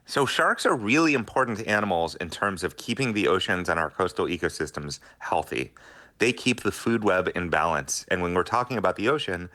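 Deep voiced guy with a bright forceful tone, earnest scientist on a radio interview. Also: animated, fairly quick. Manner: earnest, explanatory. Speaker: shark scientist guest.

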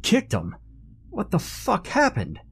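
A man's voice: medium pitch, sing-song, a little slow, darkish tone, breathy edge, voice pushed up, full character voice. A man doing a sneering, mocking bully. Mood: angry. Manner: taunting, contemptuous.

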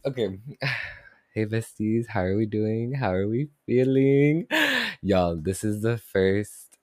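Excitable slangy man. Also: lowish voice, takes it slowly, no echo, studio quality. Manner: excitable, slangy, swears a lot, mixes in Spanish. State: hungover. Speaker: podcast host. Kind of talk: casual podcast chat. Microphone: podcast microphone.

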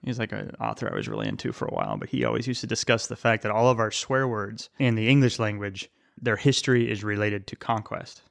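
A man's voice: lowish voice, expressive, fast talker, vocal fry. A man appearing as a podcast guest, chatting casually and musing at length while he explains ideas. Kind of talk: casual interview chat.

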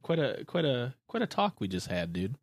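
A man's voice: medium pitch, normal speed, no echo, clean studio sound. A young man with a Michigan accent, hosting a podcast in loose, profane casual chat. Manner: loose and profane, lively intonation. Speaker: podcast host.

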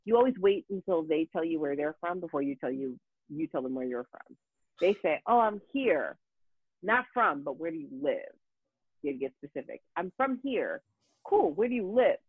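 Woman, casual storytelling, lively swooping voice, profane, halting restarts, tinny phone-like sound. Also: low voice, slightly rough, no room sound. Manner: animated, profane, frequent fillers and restarts. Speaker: guest.

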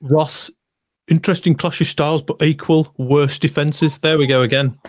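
A man's voice: on the high side, steady tone, moderate pace, dry recording, clean studio sound. A man co-hosting a casual football podcast, chatting and reading out listener comments. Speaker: podcast co-host.

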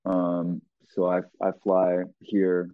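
A middle-aged man being interviewed, telling a personal story bluntly and profanely, with halting restarts. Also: low-pitched, monotone, no echo. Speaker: guest. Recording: tinny phone-like line, dry.

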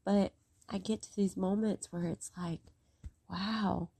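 A woman's voice: medium pitch, steady tone, slow pace, mellow, dry recording. A woman talking casually and emotionally about her faith, rambling and near tears, then reading scripture aloud. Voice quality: voice a bit rough today. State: close to tears. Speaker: faith vlogger.

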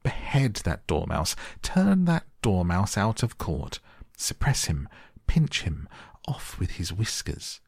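A furious storybook queen barks orders in shrill bursts, put on by a man reading a bedtime tale. Even raised high, the voice keeps a gravelly, husky edge. The recording is close and dry. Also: slow pace, no echo, full character voice. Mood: shrieking. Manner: shrill commanding outbursts. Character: shrieking bossy queen, female, furious.

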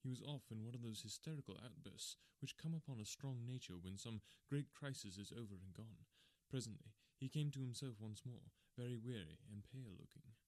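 A man narrates a storybook in a measured, even manner. His voice sits at a middle pitch and the sound is dry and close. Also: dry recording. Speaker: audiobook narrator.

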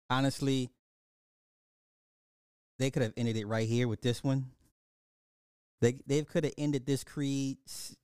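A man's voice: medium pitch, a little mellow, clean tone, no room sound, studio quality. A man ranting casually to his viewers in a movie review, swearing freely and laughing often between lines. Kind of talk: casual profane rant to camera.

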